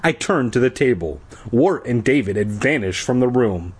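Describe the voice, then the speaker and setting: A man's voice: mid-range voice, expressive, normal speed, breathy edge. A man reading a children's book aloud as a comedy, dropping crude, sarcastic asides. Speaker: reader.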